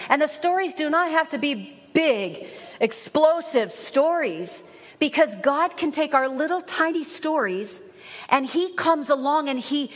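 A woman with a high voice preaches a sermon at an unhurried pace, earnest and storytelling. Her words ring out with a long hall reverb in a church sanctuary, and at times she rises into shouted praise.

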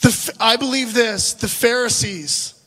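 A man preaching with a high, husky voice that turns gravelly at the edges, animated and full of asides to the congregation. It is a live sermon in a large church hall, and a long reverb trails after every line. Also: unhurried. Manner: animated, laughing asides, direct address to the congregation. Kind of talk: storytelling sermon.

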